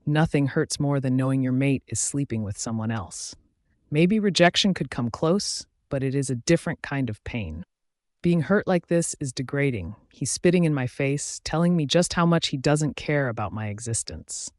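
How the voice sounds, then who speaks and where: A man narrating a first-person fantasy audiobook in a reflective, measured reading. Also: mid-range voice, animated, no echo, studio quality.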